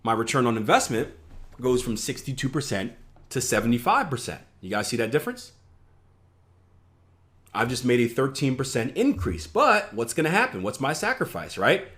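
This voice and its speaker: A man's voice: mid-range voice, very animated, normal speed, fairly bright tone. Chatty man coaching traders. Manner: conversational, many filler "right?" checks, self-mocking asides. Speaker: trading coach. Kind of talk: casual teaching over a screen share.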